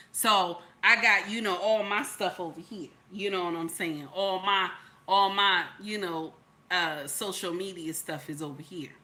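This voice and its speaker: A woman giving casual reaction commentary on a vlog, animated and exclamatory, full of chatty asides. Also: on the low side. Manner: animated, exclamatory, mimics others' voices. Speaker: YouTube commentator.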